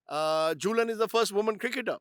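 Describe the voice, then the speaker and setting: A middle-aged man with an Indian English accent, telling cricket anecdotes as a guest speaker in an animated conversational way. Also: high voice, brisk, clear, resonant tone, no room sound, clean studio sound. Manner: anecdotal, animated, slips into Hindi phrases. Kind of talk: conversational storytelling on stage.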